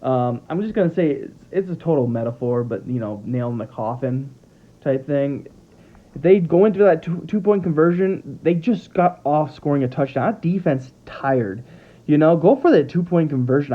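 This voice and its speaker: A man's voice: on the high side, normal speed. Rambling man with tinny phone-like sound. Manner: rambling, animated, trips over words. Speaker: sports vlogger. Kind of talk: casual football commentary. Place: at home with his dogs.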